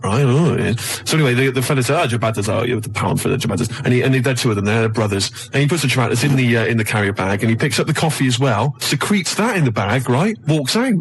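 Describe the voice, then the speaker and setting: Fast-talking man telling a rambling story. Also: mid-range voice, lively intonation. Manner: rambling anecdote full of restarts. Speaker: radio co-host. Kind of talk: radio banter.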